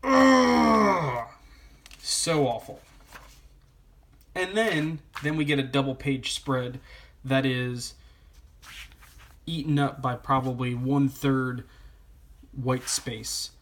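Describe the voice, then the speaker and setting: A man's voice: medium pitch, steady tone, slow, long pauses, a bit bright, a little hiss or hum. A man reviewing a comic book in a casual vlog, rambling and opinionated, with plenty of fillers.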